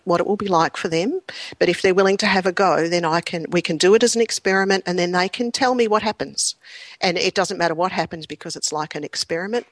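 A middle-aged woman, a clinical psychologist, chatting in an interview with lively anecdotes, ums and frequent laughter. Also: on the low side, dry recording. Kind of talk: conversational interview storytelling.

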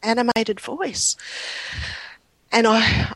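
A middle-aged woman, a clinical psychologist, chatting in an interview with lively anecdotes, ums and frequent laughter. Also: lowish voice, normal speed, no echo. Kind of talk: conversational interview storytelling.

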